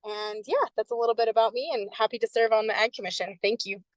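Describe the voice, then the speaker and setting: A woman with a somewhat high voice on a video call, recorded dry with no room echo. She introduces herself in an easygoing, slightly apologetic way. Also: steady tone, fast talker. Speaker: sheep and hay farmer, commission member. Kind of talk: casual self-introduction.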